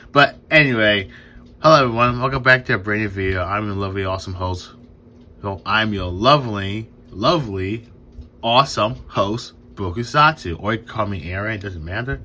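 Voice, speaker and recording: A young man hosting a casual toy review vlog, excited, stumbling over his words and laughing often, recorded on a new phone camera. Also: fairly low pitch, normal speed, slight background noise. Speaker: toy reviewer and channel host.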